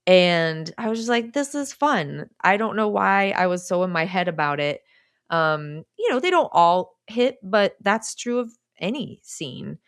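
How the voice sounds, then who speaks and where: Lively woman telling improv stories. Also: on the low side, a little slow, clean tone, no echo, clean studio sound. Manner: animated, laughing storyteller. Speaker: improv performer, guest. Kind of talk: casual conversation.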